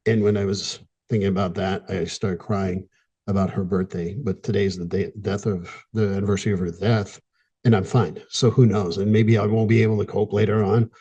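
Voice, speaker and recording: A middle-aged male therapist speaks in a podcast monologue, earnest and candid, pausing often. His voice sits low and dark, with a husky edge. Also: flat delivery, lo-fi sound. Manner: earnest, candid, pausing, gets emotional at times.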